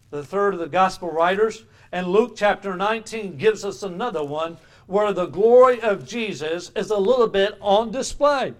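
A man preaching a sermon, reading archaic scripture passages and explaining them with emphatic, rising delivery. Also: sits high.

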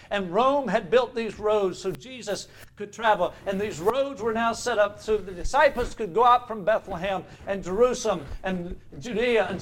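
A man's voice: high-pitched, a bit bright, slight background noise. A man preaching a sermon, reading archaic scripture passages and explaining them with emphatic, rising delivery.

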